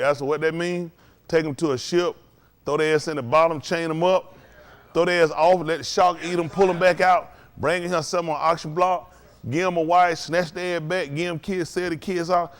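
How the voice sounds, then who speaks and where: At a moderate pace, a man with a slightly high, expressive voice preaches informally. He laughs softly as he goes and asks the congregation to agree: "ain't that right?"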